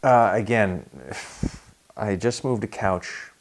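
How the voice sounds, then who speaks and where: A young man telling a comedic story about an audition in a dry, tired deadpan. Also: fairly low pitch, slow, noisy background.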